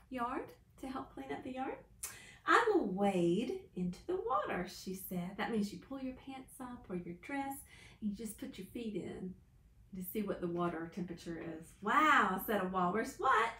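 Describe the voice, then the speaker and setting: A woman's voice: fairly high pitch, roomy sound. A woman teaching young children their letters, reading a picture book aloud with a sing-song, exaggerated storytelling voice. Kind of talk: children's lesson and read-aloud.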